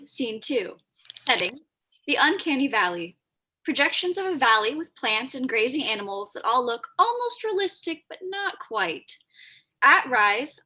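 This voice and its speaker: A woman reads out the stage directions in an announcing way. Her voice is high and animated, bright and forward, with a husky, breathy edge. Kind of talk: reading stage directions aloud.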